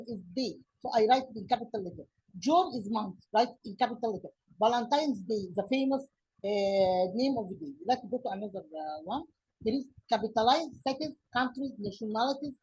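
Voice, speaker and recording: An Egyptian woman teaching an English grammar lesson in a halting way, with many fillers and restarts, her first language Arabic. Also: fairly high pitch, mellow, breathy edge, low-quality recording.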